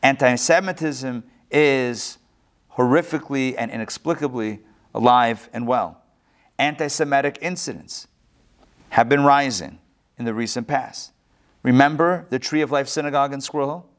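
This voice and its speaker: A man who is a rabbi, teaching a live class and telling jokes with lively, animated voices for the characters. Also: normal speed. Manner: animated storyteller, acts out joke characters with big pitch swings. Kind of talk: live lecture with joke-telling. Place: synagogue classroom, recorded live before an audience.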